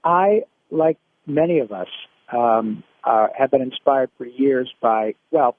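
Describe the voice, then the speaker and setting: A man from Michigan, a guest voice actor, telling stories in an animated way with many restarts in a casual interview. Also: medium pitch, slow, dry recording. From Michigan, USA. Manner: animated storyteller, frequent restarts. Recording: dry, phone-like line.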